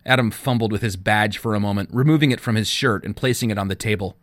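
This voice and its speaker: A man narrating a novel as an audiobook, with expressive storytelling. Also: fairly low pitch, fast talker, hardly any pauses, no room sound, studio quality. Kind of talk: scripted narration.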